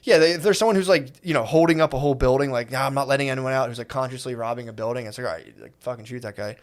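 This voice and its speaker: Fast-talking man in casual podcast banter. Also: medium pitch. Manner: rambling, acts out quotes in sudden voices. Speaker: podcast co-host.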